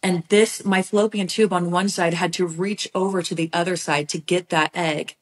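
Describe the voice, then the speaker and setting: A woman as a podcast guest, telling a personal story in an animated, heartfelt way, sometimes speeding up in quick bursts. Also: on the low side.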